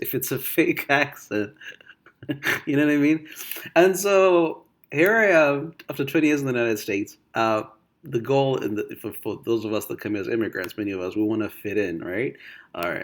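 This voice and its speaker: A man from Uganda, thinking aloud in a casual monologue, full of restarts and fillers, swinging between loud bursts and quiet asides. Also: mid-range voice. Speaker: vlogger.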